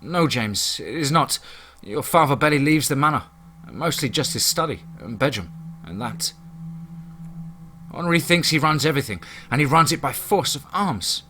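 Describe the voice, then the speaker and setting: A man voicing a scheming, elegant young woman in a horror story, speaking in a calm, formal, persuasive way. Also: fairly high pitch, normal speed, a little hiss or hum.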